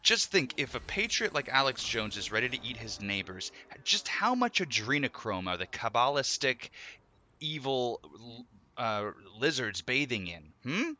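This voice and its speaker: A man's voice: medium pitch, big pitch swings, unhurried, bright, forceful tone. A man live streaming, chatting casually in a joking, rambling way. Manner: joking, rambling, laughing often. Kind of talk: casual chat.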